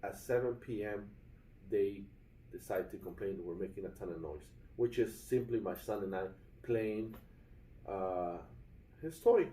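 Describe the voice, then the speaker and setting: A man's voice: lowish voice, a little slow, dark tone, distant mic, slight background noise. Rambling man venting in a roomy hotel room. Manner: rambling, frequent fillers and restarts, addresses viewers as guys. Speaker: vlogger. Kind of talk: casual vlog complaint.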